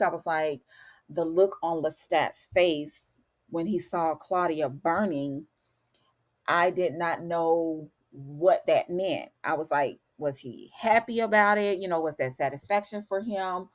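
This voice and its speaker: A woman casually recapping a show episode for viewers, chatty and emotional, with frequent fillers and asides to the audience. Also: low voice.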